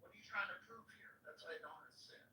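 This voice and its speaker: A man from the United States argues in an exasperated, profane, insistent way. His voice is fairly high and very bright. It sounds distant and echoey, with a faint rumble underneath. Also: very fast. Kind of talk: heated political debate.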